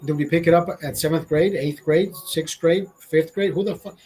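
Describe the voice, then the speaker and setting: Husky Honduran man ranting bluntly. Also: a little high, steady tone, normal speed, a little mellow, rough recording. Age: 40s. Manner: profane, blunt, indignant ranting. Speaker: vlogger. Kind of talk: casual ranting monologue.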